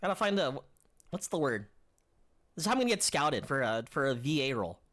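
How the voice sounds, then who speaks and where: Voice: mid-range voice, very animated, brisk, fairly bright tone. A game streamer chatting playfully with viewers during live gameplay and joking around. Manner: playful and joking, reading game dialogue aloud.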